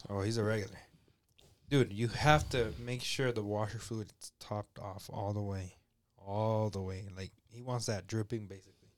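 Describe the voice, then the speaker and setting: A man's voice: on the low side, fairly even intonation, moderate pace. A man, a guest on a podcast, speaking hesitantly and searching for words as he tells about customers at work. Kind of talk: casual chat.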